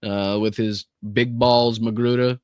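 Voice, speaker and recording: Male livestream host, casual and sarcastic commentary, mid-pitched, dry close sound. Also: little pitch movement, a little slow, a little mellow, smooth, no echo. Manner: casual, sarcastic, swears, thanks viewers in chat. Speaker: political podcast host.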